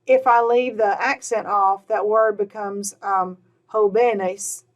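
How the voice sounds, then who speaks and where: A woman, teaching a recorded Spanish grammar lesson, patiently repeating words slowly with "all right" and "um" between points. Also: medium pitch, steady tone, muffled recording.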